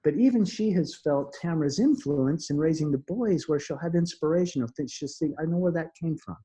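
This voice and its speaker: A middle-aged man, an interview guest, recounting a personal story in an earnest, halting way with frequent restarts and soft laughs. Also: on the high side, breathy edge.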